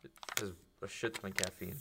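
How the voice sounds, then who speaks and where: A man's voice: low voice, flat delivery, a little fast, vocal fry, noisy background. A young man co-hosting a podcast, chatting casually and joking with plenty of swearing. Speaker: podcast co-host. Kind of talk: casual chat.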